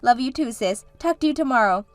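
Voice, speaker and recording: Brief: woman playing a high-pitched, earnest bride-to-be sister, dry close recording, faint music behind. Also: animated, a little fast, no echo, close to an everyday voice. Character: bride-to-be sister, grateful and nervous. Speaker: younger sister Sarah. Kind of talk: scripted story drama.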